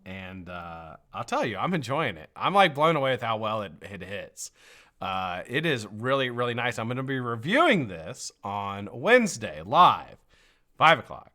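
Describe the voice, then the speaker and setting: A man's voice: medium pitch, sing-song, moderate pace, bright, forceful tone. A man hosting a casual live stream, energetically greeting viewers one by one, with a frog in his throat.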